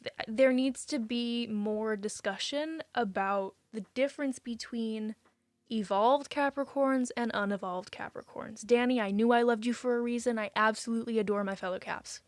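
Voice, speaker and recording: During a live stream, a young woman reads her viewers' messages and chats with them casually; she's emotional and fast to say she'll cry. Her pitch runs fairly high, with no room sound.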